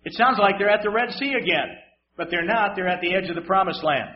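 A man preaching a sermon in a dramatic way, moving between loud emphasis and hushed asides with wry humor. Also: high voice, expressive, fairly quick, dull audio.

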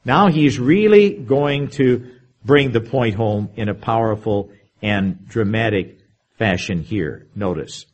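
A man with a husky, slightly breathy voice delivers a verse-by-verse sermon. He lifts his voice for the scripture readings and drops to a quieter, conversational tone for his comments. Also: animated, takes it slowly, highs cut off. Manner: reads scripture aloud with emphasis, then comments in a lower, conversational tone. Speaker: preacher. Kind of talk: sermon, verse-by-verse Bible teaching.

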